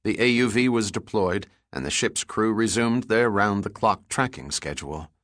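A man reading an adventure novel aloud as its narrator, steady and even. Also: fairly low pitch, normal speed, no room sound, clean studio sound. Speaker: audiobook narrator. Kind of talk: scripted narration.

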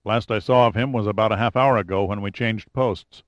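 A wisecracking agent with a low voice tosses off teasing remarks, as a male narrator voices him. The dry, dull recording keeps it close and plain. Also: fairly even intonation, a little fast, no echo, lightly acted. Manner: teasing, offhand.

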